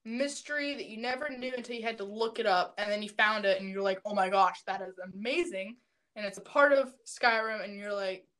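A woman's voice: a little high, fairly quick, hardly any pauses, fairly bright tone. A young woman co-hosting a casual chat with friends, rambling and giggling as she corrects herself.

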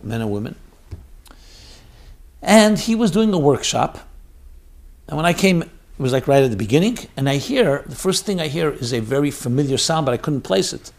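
A man giving a sermon, swinging between loud exhortation and quiet storytelling. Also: a little high.

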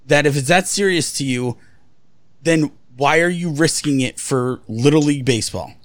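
A man's voice: a little high, normal speed, no echo, clean studio sound. A man co-hosting a casual podcast chat, blunt and profane with strong opinions. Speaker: podcast co-host.

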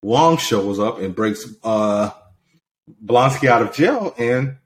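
A man's voice: mid-range voice, expressive, slow pace, a little hiss or hum. A man co-hosting a casual podcast, rambling with lots of fillers as he retells scenes. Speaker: podcast co-host. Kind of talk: casual chat.

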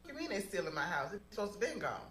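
A woman's voice: lowish voice, big pitch swings, very fast, fairly bright tone. A woman telling her own story in a clip, ranting with indignation and cursing. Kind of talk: story told in a viral video clip. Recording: echoey room.

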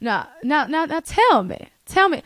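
A woman putting on the slow, regal voice of her elderly grandmother with a Southern accent. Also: high-pitched, big pitch swings, a bit bright, dry recording, pitched above the performer's own voice, full character voice. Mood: genteel. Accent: American Southern. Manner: slow, drawn-out, stately.

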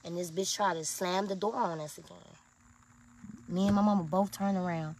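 A woman's voice: fairly low pitch, steady tone, moderate pace, a little mellow, a little hiss or hum. A young woman telling her viewers a story in a casual, blunt and profane way, with lots of emphasis.

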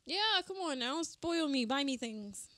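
A young woman co-hosting a podcast in casual chat, playful and quick to laugh. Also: high voice, animated, a bit bright, no room sound. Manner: playful, giggly. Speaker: podcast co-host.

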